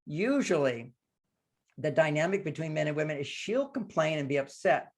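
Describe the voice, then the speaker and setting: A man's voice: on the high side, big pitch swings, moderate pace. An older man giving relationship advice as a podcast guest, emphatic and lecturing, sometimes acting out what partners say.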